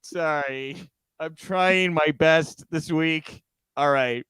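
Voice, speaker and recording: A man hosting a podcast in a relaxed, chatty way, full of quick asides and laughs. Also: on the high side, clear, resonant tone, no room sound. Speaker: podcast host. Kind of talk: casual chat.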